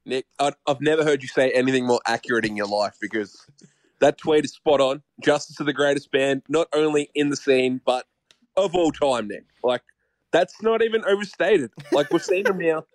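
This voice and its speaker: A man co-hosting a podcast in casual chat, excitable and swearing, often calling his co-host by name. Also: a little high, normal speed.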